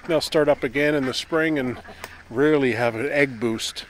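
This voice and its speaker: A man casually narrating his day on a small farm, relaxed and chatty. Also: moderate pace, slight background noise. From Canada. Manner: relaxed, chatty, talks to animals in a high coaxing voice. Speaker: farm vlogger. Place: outdoors on a farm.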